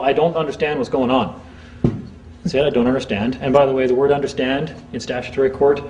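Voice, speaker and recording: A man giving an informal seminar talk to a small group, chatty, acting out courtroom exchanges in quick quoted voices. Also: medium pitch, darkish tone, a little hiss or hum, rough recording. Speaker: seminar speaker.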